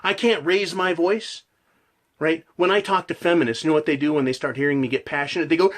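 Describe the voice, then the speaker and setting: A man's voice: a little high, steady tone, fairly quick. A man delivering a passionate, profane ranting monologue as a channel host.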